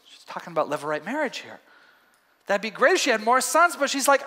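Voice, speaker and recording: A man teaching a Bible passage in an animated, conversational, emphatic sermon. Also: very high-pitched, fast. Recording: echoey hall.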